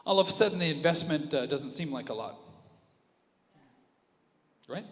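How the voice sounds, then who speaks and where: A male pastor preaching an animated sermon, dropping to a hush and then rising loud again. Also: fairly high pitch, normal speed. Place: church auditorium with reverb. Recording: live church audio with long reverb and music underneath. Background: worship music.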